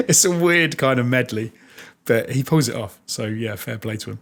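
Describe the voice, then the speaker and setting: A man's voice: mid-range voice, expressive, measured pace, gravelly, long pauses, a bit bright. A British man hosting a podcast, chatting frankly and laughing often. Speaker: podcast host. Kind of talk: casual chat.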